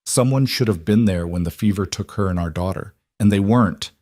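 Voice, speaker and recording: A man voicing a gentle widowed cowboy. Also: low voice, fairly quick, no echo, clean studio sound, natural voice. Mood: grieving. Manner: soft-spoken, quietly earnest.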